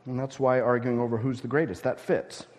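Pastor preaching in an echoing hall. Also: male voice, mid-range voice, little pitch movement, fairly quick. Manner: emphatic, swings between loud stresses and quiet asides. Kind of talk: sermon. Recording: long hall reverb.

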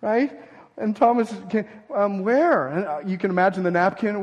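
A man preaching a sermon as pastor, swinging from loud emphatic lines to hushed, near-whispered ones. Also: sits high, moderate pace, in a large hall.

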